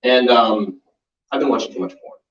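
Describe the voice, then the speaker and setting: A man's voice: mid-range voice, normal speed, fairly bright tone. A man in his forties doing a profane stand-up set, with laugh and voice impressions. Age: 40s. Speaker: stand-up comedian. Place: small comedy club basement. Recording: roomy, distant, muffled live recording.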